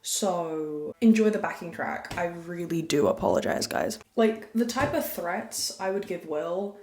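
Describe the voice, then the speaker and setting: A young woman hosting her podcast, chatting candidly and rambling with crude jokes, talking softly. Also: on the low side, sing-song, unhurried. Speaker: podcast host. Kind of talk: casual confessional chat. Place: room at a farm. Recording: echoey room.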